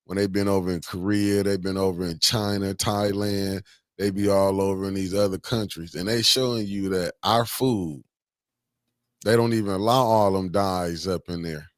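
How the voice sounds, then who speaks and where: A man with a low voice co-hosts a relaxed live-stream chat. He speaks in loose, colloquial phrasing and chuckles often. The sound is dry and close. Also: moderate pace, no room sound. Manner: laid-back, colloquial, laughs often. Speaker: co-host.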